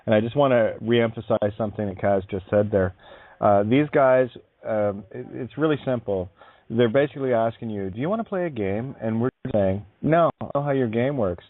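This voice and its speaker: A man's voice: mid-range voice, moderate pace, no echo, phone-quality sound. A man hosting a talk radio show, stressing his points emphatically.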